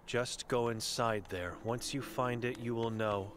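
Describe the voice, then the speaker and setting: A man's voice: mid-range voice, fairly even intonation, a little slow, fairly bright tone, a little hiss or hum, lightly acted. A man reading the chalkboard words of an old blind, mute woman in a game, in terse, broken phrases. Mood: cryptic.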